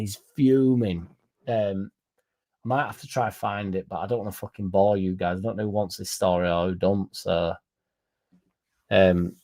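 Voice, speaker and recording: Man, young adult, blunt and sweary, rambling livestream story, warm low-key tone. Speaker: football fan streamer.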